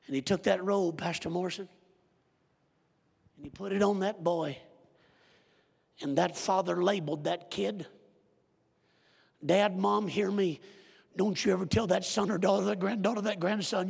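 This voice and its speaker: High gravelly preacher in a big echoing hall. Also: male voice, normal speed, pauses often. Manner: animated storytelling, direct address. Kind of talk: sermon. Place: church.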